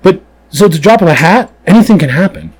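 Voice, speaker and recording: A man's voice: high-pitched, fast talker, slightly rough, rough recording. A man who works as a police officer, chatting casually on a podcast in an emphatic, blunt way. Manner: animated storyteller, emphatic and blunt.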